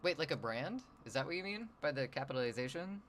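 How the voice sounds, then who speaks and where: A man's voice: a little high, expressive, quick pace, fairly bright tone, slight background noise. A man streaming his drawing session, rambling and joking with his chat. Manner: rambling, jokey, talks to chat. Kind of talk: casual livestream chat while sketching.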